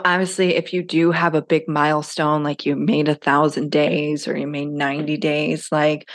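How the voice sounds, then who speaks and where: A low-pitched woman in her thirties hosts a podcast on her own. She speaks candidly and casually, swearing freely as she encourages her listeners. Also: normal speed. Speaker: podcast host. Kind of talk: casual solo podcast talk.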